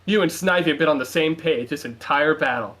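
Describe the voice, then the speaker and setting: A man voicing an excitable, fiercely loyal young male trainer who shouts commands in a battle. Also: a little high, a little fast, lightly acted. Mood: earnest.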